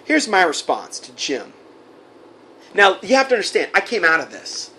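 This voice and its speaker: A man's voice: high-pitched, wildly swooping pitch, moderate pace, bright, forceful tone. Fired-up indignant male preacher. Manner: fiery and indignant, reading aloud then rebutting. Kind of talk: sermon-style commentary read from a recording.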